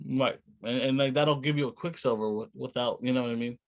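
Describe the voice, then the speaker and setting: A man co-hosting a casual movie chat, relaxed and a bit hesitant, using many fillers. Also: medium pitch, brisk. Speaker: podcast co-host.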